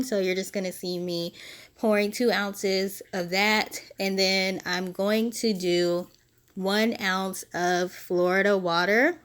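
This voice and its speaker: A woman's voice: medium pitch, clear, resonant tone. Breathless woman explaining a DIY recipe. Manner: relaxed, chatty, explains step by step with small laughs. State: short of breath. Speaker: spiritual DIY vlogger. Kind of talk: casual how-to voice-over. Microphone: phone.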